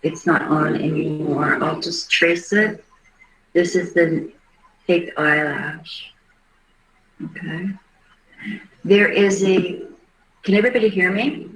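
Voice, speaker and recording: A middle-aged woman hosting a livestream, giving a halting, earnest case commentary. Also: fairly low pitch, steady tone. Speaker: livestream host. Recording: roomy echo.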